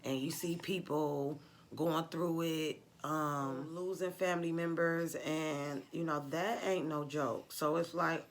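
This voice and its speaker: A woman's voice: low-pitched, fairly even intonation, slow pace, slight background noise. A woman, talking casually to camera as a vlogger, chatty and laughing often as she acts out what others said.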